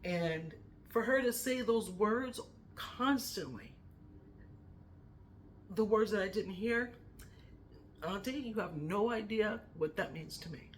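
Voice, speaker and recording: A woman's voice: mid-range voice, expressive, slow, long pauses, a little hiss or hum. A middle-aged woman speaking a heartfelt, emotional tribute to a family member in her vlog, fighting back tears. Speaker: vlogger.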